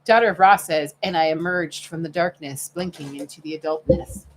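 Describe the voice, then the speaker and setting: A woman's voice: low voice, moderate pace, slight background noise. A middle-aged woman co-hosting a casual livestream, reading viewer comments aloud in a chatty, motherly way. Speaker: livestream co-host.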